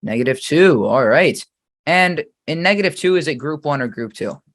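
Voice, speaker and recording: A man teaching an English grammar lesson, reading example sentences slowly and quizzing the viewer patiently. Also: fairly high pitch, animated, a bit bright.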